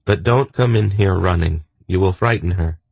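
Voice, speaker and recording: A man's voice: sits low, moderate pace, gravelly, darkish tone, slightly rough, no echo, heavily acted. A man voicing an earnest, protective young man in wolf form who speaks insistently in an audiobook.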